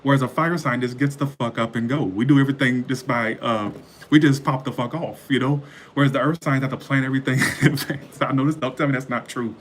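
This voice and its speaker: A man's voice: medium pitch, fairly even intonation, quick pace, a little hiss or hum. A man reading tarot on a live stream, chatting casually in a rambling, profane way, a bit wired from coffee. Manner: rambling, profane, laughs often.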